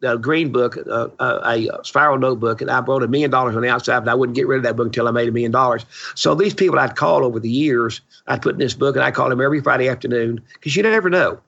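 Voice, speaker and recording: A gravelly man in his seventies talks quickly and bluntly, an opinionated real estate veteran swapping stories as a podcast guest. His tone is bright and forceful. The sound is dull and lo-fi. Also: mid-range voice. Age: 70s. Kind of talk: storytelling interview chat.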